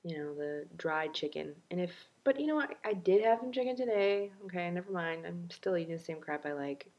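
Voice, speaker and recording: A woman's voice: lowish voice, expressive, fairly quick, muffled recording. Chatty, self-mocking woman vlogger. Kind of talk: casual video diary.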